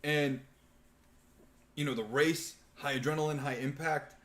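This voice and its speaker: A young man hosting a live podcast, casually chatting and excitedly retelling a movie with lots of swearing. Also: fairly high pitch, a little slow. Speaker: podcast host. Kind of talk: casual chat on a live stream.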